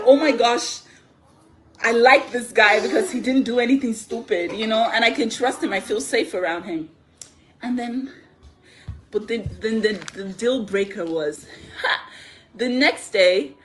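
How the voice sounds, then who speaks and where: A woman on a phone livestream, telling a story in a chatty, animated way and laughing often. Her voice sits a little high, with a faint hiss behind it. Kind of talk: casual live story time.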